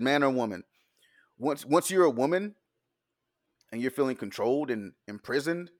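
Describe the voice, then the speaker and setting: Blunt, cursing man in casual chat. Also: mid-range voice. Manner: blunt, profane storyteller.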